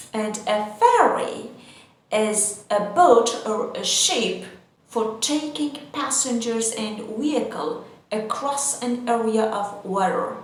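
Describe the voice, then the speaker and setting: A woman teaching English vocabulary, saying each word carefully and then repeating it. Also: a little high. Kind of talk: vocabulary lesson for learners. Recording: very echoey room.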